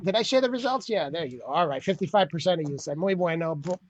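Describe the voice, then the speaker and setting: High-voiced joking man hosting a Zoom open mic. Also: very animated, fast, muffled recording, slight background noise. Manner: laughs at his own jokes, drops Spanish slang. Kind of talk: loose joking Zoom chat. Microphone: video call.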